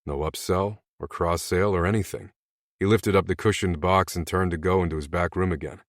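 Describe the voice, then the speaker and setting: Male audiobook narrator, very low voice, dry close sound, first-person storytelling. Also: steady tone, moderate pace, dry recording. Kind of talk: scripted narration.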